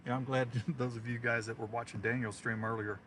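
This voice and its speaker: Man, mid-pitched, loose rambling storyteller on a live chase stream, faint hum behind. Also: little pitch movement, brisk, a bit bright. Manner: chatty, rambling storyteller who chuckles often. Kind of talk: casual live-stream chat.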